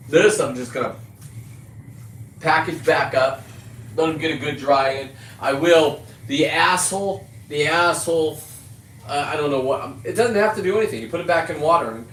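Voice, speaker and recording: This middle-aged man, host of his own videos, delivers a rambling, casual monologue of a profane and boastful story. His mid-range voice has a fairly bright tone, and the echoey, distant audio carries faint ambience and slight background noise.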